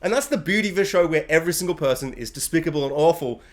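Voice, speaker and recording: A high-pitched man reviews a TV season in an animated, gushing rant. He piles up superlatives and jumps into brief impressions of the characters. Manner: excitable, gushing, mimics characters in quick bursts.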